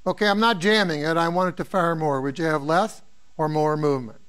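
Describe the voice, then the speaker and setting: Older male professor from the Midwest, higher-pitched voice, chatty review lecture full of asides. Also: fairly even intonation, a little fast, a bit bright. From American Midwest. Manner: rambling, anecdotal, asks students questions. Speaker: neuroanatomy professor. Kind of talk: informal exam review lecture.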